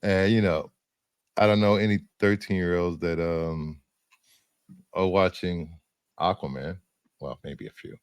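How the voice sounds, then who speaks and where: A man's voice: low-pitched, fairly even intonation, measured pace, long pauses, clean tone, no room sound. A man co-hosting a casual chat, rambling through his film picks with fillers and the odd laugh. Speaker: co-host presenting film picks.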